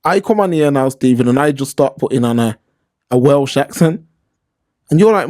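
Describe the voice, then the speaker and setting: A man's voice: mid-range voice, expressive, fairly quick, darkish tone, no echo, studio quality. A man co-hosting a casual talk show, telling stories animatedly and acting out the voices he quotes. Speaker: podcast co-host. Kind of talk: casual discussion.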